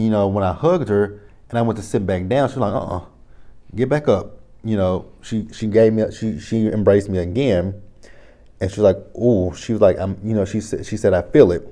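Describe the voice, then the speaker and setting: A man's voice: deep voice, dark tone. A man, reviewing a reality show in a casual, rambling vlog from his home studio. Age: 30s. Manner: rambling, self-correcting, retells conversations.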